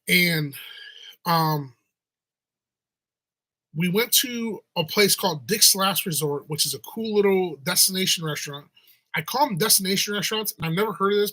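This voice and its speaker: A man's voice: high-pitched, pushed and bright, low-quality recording. A middle-aged restaurant owner rambling through a casual story, often restarting his sentences and acting out other people's voices.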